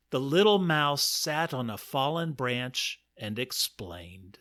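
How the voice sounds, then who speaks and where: A man hosting a comic story podcast, narrating in a dry, measured way with playful emphasis. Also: mid-range voice, sing-song, fairly bright tone.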